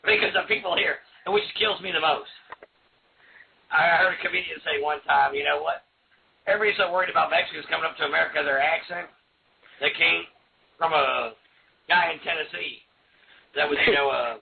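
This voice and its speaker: A man's voice: fairly high pitch, brisk, creaky, pauses often. A man from Florida hosting a casual chat, telling crude, joking stories. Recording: tinny phone-like line with faint noise.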